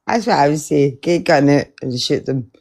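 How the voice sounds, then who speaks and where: A low-pitched woman with a gravelly edge to her voice. She talks slowly and her pitch swings widely. Her manner is cheeky and sweary, full of laughter and endearments. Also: lively intonation, darkish tone. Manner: cheeky, sweary, laughs often, calls people darling. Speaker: viewer joining a live stream. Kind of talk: casual goodbye chat.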